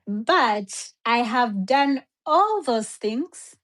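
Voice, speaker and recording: Woman guest telling her story real slow, bit high voice, hesitates a lot, throws in german words. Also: expressive, fairly bright tone. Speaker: interview guest. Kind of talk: casual storytelling.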